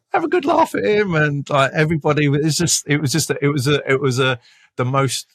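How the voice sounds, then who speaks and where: A man with a London accent, a detective, telling work stories in casual podcast talk, animated, with frequent restarts and repeated words. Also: medium pitch, no echo, studio quality. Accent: London English. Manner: laughs while telling stories.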